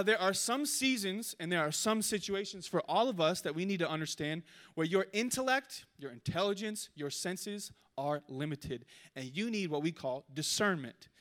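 A man preaching a sermon, telling a funny story with animated delivery before he turns to the lesson. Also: sits high. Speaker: pastor.

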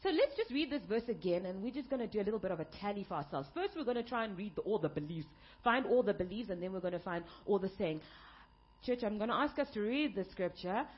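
A woman pastor delivering an emphatic sermon, building up to shouted peaks. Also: mid-range voice, big pitch swings, fast talker, lo-fi sound.

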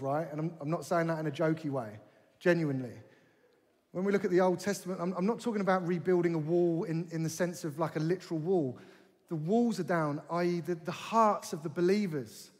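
A man with a high voice preaches with fervor, stacking repeated lines and pointed questions. His voice rings with a long reverb, recorded in a large hall. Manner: impassioned, rising to forceful rhetorical questions; repeats phrases for emphasis. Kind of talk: sermon.

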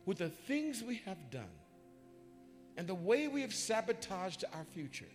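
A man, a bishop, preaching a sermon in church with animated, folksy storytelling that swings up into shouting. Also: sits high, a little slow, in a large hall, faint music behind. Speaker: bishop and pastor. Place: church sanctuary.

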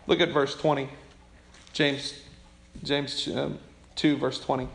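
A man preaching a sermon as pastor, impassioned, dropping to hushed tones and rising to shouts, often repeating and restarting words. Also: medium pitch, level tone, takes it slowly, vocal fry. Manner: impassioned preaching, swings between hushed and loud.

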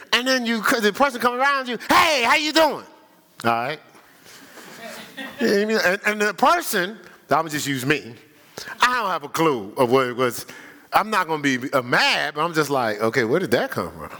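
Older male pastor, humorous sermon delivery, bright lively voice. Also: high voice. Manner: lively, humorous, laughing with the congregation; acts out voices of people he quotes. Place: church sanctuary.

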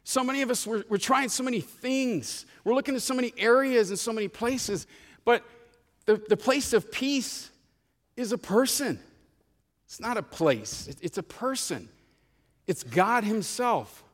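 Man, pastor, sermon, repeats phrases, drawn-out emphasis, church sanctuary. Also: very high voice, animated, long reverb tail. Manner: storytelling preacher, drawn-out emphatic lines, repeats words.

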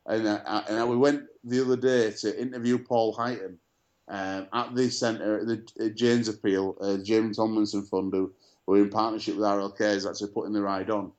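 A man's voice: fairly low pitch, flat delivery, moderate pace, darkish tone. A man co-hosting a casual sports chat show, telling stories full of fillers and restarts. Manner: chatty storyteller, many fillers and restarts. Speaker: podcast co-host.

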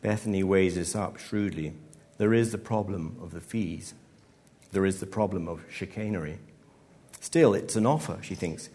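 A man, an author, reading his own short story aloud at a live event in a measured, dry storytelling manner. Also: low voice, dark tone.

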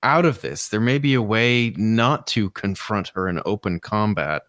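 A man's voice: on the low side, normal speed, fairly bright tone, no echo, clean studio sound. A man playing a tabletop game, talking in a hesitant, stammering way. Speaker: player.

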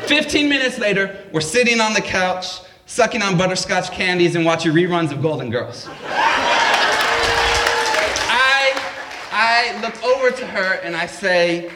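Casual male storyteller, slightly high voice, laughs through his anecdote, echoey room. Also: expressive, unhurried, sharp tone, a little hiss or hum. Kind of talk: live personal storytelling. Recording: roomy echo.

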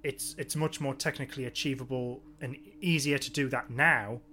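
A man's voice: mid-range voice, fairly even intonation, moderate pace, bright, forceful tone, a little hiss or hum. A man co-hosting a podcast in casual chat, throwing in dry, teasing quips. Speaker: podcast co-host. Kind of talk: casual chat recapping a TV episode.

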